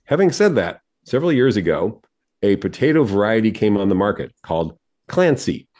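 Deep-voiced man giving garden advice. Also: sing-song, fairly quick, a little mellow. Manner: friendly, explanatory, chuckles often. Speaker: garden show co-host. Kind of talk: radio garden advice chat.

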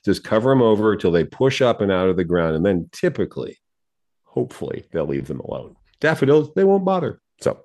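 A man's voice: low voice, fairly quick, darkish tone. A man co-hosting a radio garden show, giving friendly, explanatory advice and chuckling often.

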